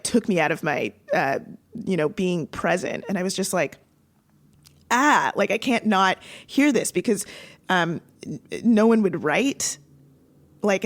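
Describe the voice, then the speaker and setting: A woman co-hosting a podcast, telling stories in a chatty, animated way, full of "like" and restarts. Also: medium pitch. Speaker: podcast co-host. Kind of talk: casual conversational podcast chat.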